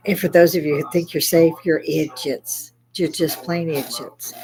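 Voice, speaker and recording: A woman's voice: low voice, fairly even intonation, normal speed, a crowd in the background, rough recording. An older woman hosting a casual monologue, ranting angrily in a blunt, profane way. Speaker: host.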